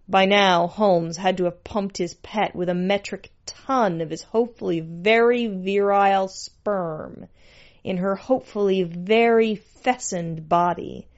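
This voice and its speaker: A woman reads a story aloud in a dry, sardonic manner. She takes it very slowly, at a mid pitch, and the recording sounds dull and lo-fi. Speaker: narrator. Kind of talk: scripted story narration.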